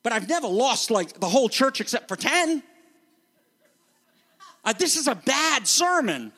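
A man preaching a sermon as pastor, animated and conversational, acting out the voices he quotes. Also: very high voice, measured pace, long reverb tail.

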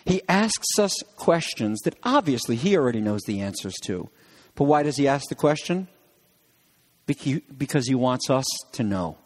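A man's voice: mid-range voice, darkish tone. Conversational man preaching in a reverberant church. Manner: conversational preaching, frequent restarts and stammers, acts out dialogue. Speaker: pastor. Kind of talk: sermon.

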